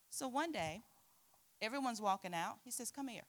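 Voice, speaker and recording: A middle-aged woman preaching to a youth group, telling a personal story with lively acted-out quotes. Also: medium pitch, fairly quick. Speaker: youth pastor.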